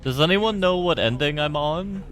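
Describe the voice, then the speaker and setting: A man's voice: on the high side, animated, normal speed, a bit bright. A young man streaming a game, rambling through casual commentary with profanity and tangents.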